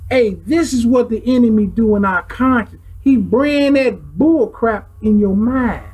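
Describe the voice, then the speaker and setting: A man teaching a religious class, preaching in casual street talk with lively illustrations and sound effects. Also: extremely high pitch, measured pace, husky, poor audio.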